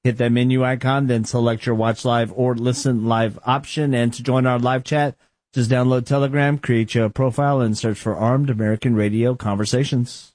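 A man's voice: medium pitch, steady tone, normal speed, darkish tone, dry recording. A male radio producer giving show details in a matter-of-fact way. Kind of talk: casual talk radio.

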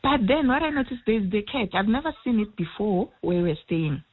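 A middle-aged woman calling in to a radio show, talking slowly and haltingly and repeating words. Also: mid-range voice, expressive, breathy edge. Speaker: caller. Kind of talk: phone-in radio call. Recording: tinny phone line.

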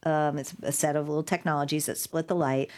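A woman's voice: low-pitched, a little fast. A middle-aged woman, a guest lawyer, telling a story in an interview and acting out the quotes. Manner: animated storyteller, acts out quotes with laughs. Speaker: guest, digital rights lawyer.

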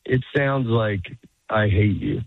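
A man's voice: fairly low pitch, slow, gravelly, no echo. A man, a stand-up comedian, chatting as an interview guest. He rambles, laughs often and acts out quoted lines. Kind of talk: casual interview chat. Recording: dry phone-like sound.

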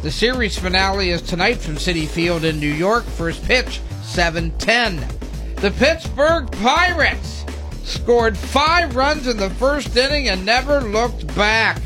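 Brief: male sports radio host, higher voice, dry quips, music bed loud underneath. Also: expressive, measured pace. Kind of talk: sports news rundown with banter.

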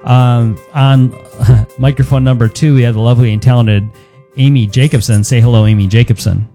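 A man's voice: mid-range voice, fairly even intonation, a little fast, dark tone, faint music behind. A man hosting a talk radio show, rambling and joking casually with his co-hosts. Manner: rambling, joking, chuckles between words. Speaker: radio host.

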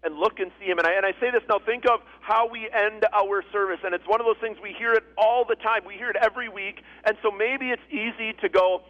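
A man's voice: sits high, fairly even intonation, quick pace, few pauses, dull audio. A man preaching a sermon as pastor, earnest and repeating phrases for emphasis.

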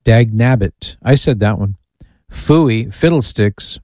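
A man's voice: mid-range voice, takes it slowly, dark tone, no room sound. A man hosting a call-in radio talk show, chatting casually and reading listener emails with amused asides.

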